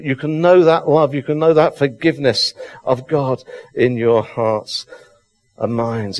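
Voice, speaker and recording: A man's voice: fairly high pitch, a little mellow. A man preaching an Easter sermon, fervent and emphatic, repeating phrases for effect. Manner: fervent, emphatic, slow deliberate delivery with repetition. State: excited.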